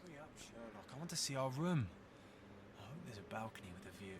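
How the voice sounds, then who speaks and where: A man's voice: medium pitch, animated, quick pace, lightly acted. An actor playing a friendly, eager companion who coaxes his friend along, in a video game. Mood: coaxing. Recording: game audio with loud ambient noise.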